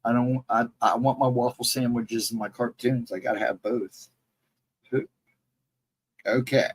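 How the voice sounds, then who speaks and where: A man chatting on a livestream and greeting viewers by name, in a rambling casual way, his voice hoarse and cracking from laryngitis. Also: mid-range voice, fairly even intonation, a little slow, rough recording. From central Ohio, United States. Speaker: livestream co-host.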